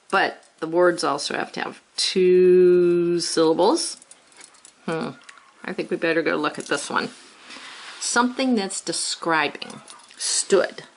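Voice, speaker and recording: Woman teacher, lowish voice, unhurried, patient lesson delivery. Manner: slow, patient, thinking aloud. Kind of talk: recorded spelling lesson.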